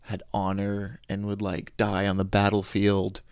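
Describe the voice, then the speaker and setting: A young man with a lowish voice talks through a podcast monologue, recorded dry and close to the mic. He tells his story in an animated way, acting out the people he quotes and often restarting mid-sentence. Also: a little slow, vocal fry, clear, resonant tone, no echo. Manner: animated storytelling, quoting others, frustrated asides, frequent restarts. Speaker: podcast host. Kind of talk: casual monologue.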